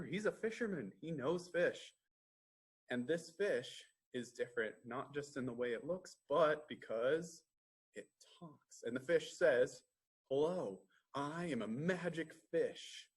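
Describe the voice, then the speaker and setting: Slow, husky-voiced man reading to preschoolers. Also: on the high side. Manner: asks the children questions, drawn-out pauses. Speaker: library storytime reader. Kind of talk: children's storytime read-aloud.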